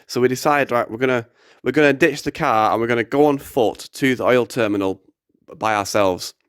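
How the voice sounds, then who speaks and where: A young man telling a story casually, animated, swearing and acting out the quotes. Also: mid-range voice, fairly quick, clean tone, no room sound, studio quality.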